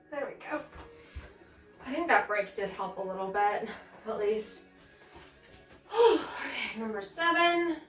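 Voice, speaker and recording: A woman's voice: high-pitched, expressive, slow pace, pauses often. A woman leading a casual yoga session, out of breath, sighing between chatty remarks. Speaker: yoga instructor. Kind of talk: casual yoga class talk. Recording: echoey room, mic at a distance, soft music.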